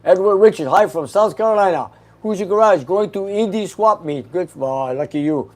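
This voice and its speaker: A man hosts a casual livestream, working through viewer comments one by one. His voice sits a little high, and he answers each question briefly and with an easy laugh. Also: normal speed, darkish tone. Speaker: host reading live chat questions.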